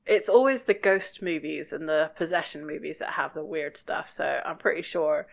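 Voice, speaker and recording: A woman co-hosting a podcast, casually talking through a TV episode, relaxed and quick to giggle. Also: low voice, vocal fry. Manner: relaxed, giggly, thinks aloud. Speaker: podcast co-host. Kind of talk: casual chat about a TV episode.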